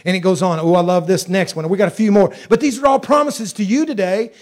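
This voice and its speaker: A man with a high voice preaches a sermon. He drives his points home by repeating phrases. He drops to a hush, then climbs back up to a loud pitch. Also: quick pace. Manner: emphatic, repeats phrases, swings loud and soft.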